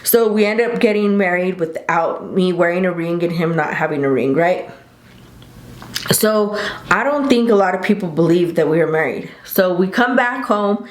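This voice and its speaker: A woman's voice: fairly low pitch, animated, normal speed. A woman in her thirties telling a rambling, chatty story to the camera, often correcting herself. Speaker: vlogger. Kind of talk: casual storytime chat. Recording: roomy home recording.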